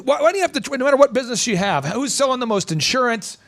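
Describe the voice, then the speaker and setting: A man hosting a business podcast, talking emphatically and firing off rhetorical questions. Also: very high voice. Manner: animated, emphatic, rapid-fire rhetorical questions. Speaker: host and business coach. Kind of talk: energetic podcast talk.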